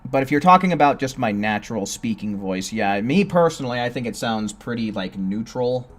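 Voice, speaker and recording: A relaxed young man from California talks casually with his stream chat while he plays. His accent is a neutral American one, and his manner is easygoing and friendly as he answers viewers' comments. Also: mid-range voice, fairly quick. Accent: General American. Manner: laid-back, chatty, answering chat.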